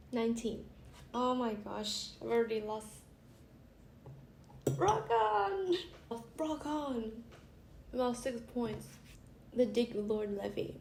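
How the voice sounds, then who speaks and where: This young female vlogger has a fairly high but dark-toned voice. She reads amusing stories out loud in a casual, giggly way, breaking off to laugh, recorded in an echoey room with a faint hiss.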